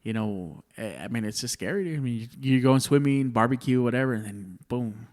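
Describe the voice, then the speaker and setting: A man's voice: medium pitch, fairly quick, darkish tone. A man in his thirties, a comedian guest, rambling through stories in casual chat, cursing freely and calling everyone "dude.". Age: 30s. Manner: rambling storyteller, swears a lot, says "dude" often.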